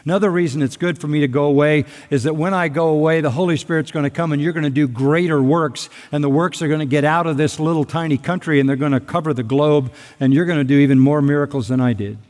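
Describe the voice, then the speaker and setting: Emphatic pastor in a reverberant hall. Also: male voice, a little high, steady tone, fast, hardly any pauses, darkish tone. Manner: emphatic, repeats key phrases. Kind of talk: expository sermon.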